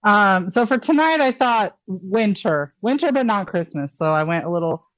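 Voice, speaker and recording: A woman's voice: mid-range voice, lively intonation, moderate pace, no echo. A woman chats easily as a guest on a podcast. Her voice sits in a middle range. The sound is dry and dull, like a lo-fi remote connection. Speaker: interview guest, performer. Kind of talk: casual podcast interview.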